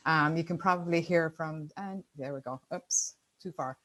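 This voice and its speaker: A middle-aged woman with an Irish accent speaks on a video call, her pitch a little low. Her talk is chatty and upbeat, and she often fills pauses with "um". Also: fairly bright tone, rough recording. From Ireland. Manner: chatty, upbeat, many fillers. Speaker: guest speaker. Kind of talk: casual presentation on a video call.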